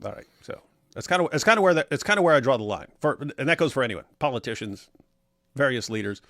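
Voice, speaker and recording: A man's voice: mid-range voice, animated, quick pace, a bit bright, dry recording, clean studio sound. A middle-aged man co-hosting a casual apologetics live stream, reading viewer comments aloud with sarcasm and laughter. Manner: sarcastic, mocks comments with exaggerated voices and laughs. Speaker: co-host of an apologetics talk stream.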